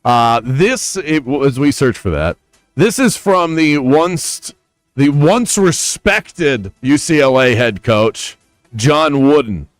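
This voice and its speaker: A man's voice: medium pitch, expressive, slow pace, dry recording, soft background music. A man hosting a sports radio show, opinionated and wry, wandering off into stories. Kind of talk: sports talk radio banter. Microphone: studio microphone.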